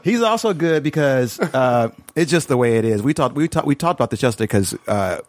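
A man's voice: medium pitch, lively intonation, no echo. Easygoing man in casual podcast chat. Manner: easygoing, conversational, quick back-and-forth. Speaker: podcast co-host.

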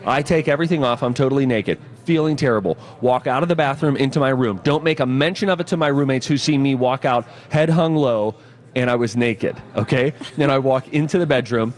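A male morning radio co-host talks into a studio microphone in easy, casual banter. He tells comic stories in an animated way. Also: medium pitch, a little fast.

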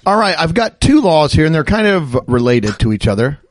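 A man's voice: a little high, sing-song, brisk, no echo. A man hosting a casual podcast chat, reading out strange laws and laughing often as he explains them. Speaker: podcast host.

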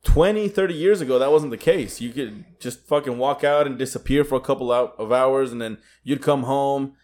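A man's voice: medium pitch, a little fast, darkish tone. A young man co-hosting a podcast in casual chat, laid-back and swearing, with plenty of fillers. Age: young adult. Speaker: podcast co-host.

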